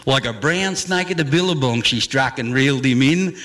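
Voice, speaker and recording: A man's voice: mid-range voice, normal speed, a bit bright. A man performing a comic slang verse, with a theatrical, swooping delivery and chuckles.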